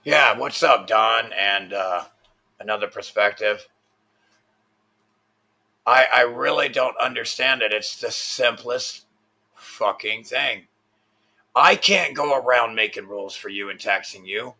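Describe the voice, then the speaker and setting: A man's voice: mid-range voice, unhurried, pushed and bright. A man hosting a livestream, ranting with constant swearing and frustrated rambling. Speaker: livestream host.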